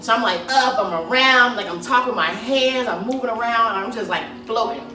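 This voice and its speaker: A woman teacher chatting casually and telling stories in an animated, dramatic way. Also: a little high, brisk. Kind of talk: casual chat. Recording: roomy, distant mic, music behind.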